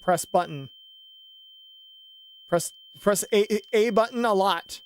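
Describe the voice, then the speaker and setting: A man's voice: sits high, slow, a little hiss or hum. A man streaming a video game, chatting and joking as he plays and exclaiming at what happens on screen. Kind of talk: casual gameplay commentary and reading game dialogue aloud.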